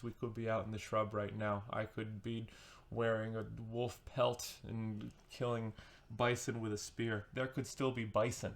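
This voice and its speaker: A man giving a casual, sarcastic and rambling book review as a vlogger, with comic asides. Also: on the low side.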